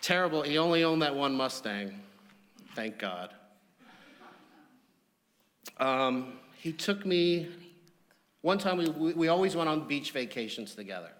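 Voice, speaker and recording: A man's voice: fairly high pitch, lively intonation, unhurried, pauses often, fairly bright tone, a little hiss or hum. Man telling funny stories in a reverberant hall. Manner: humorous, anecdotal storytelling. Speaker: eulogy speaker. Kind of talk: memorial eulogy.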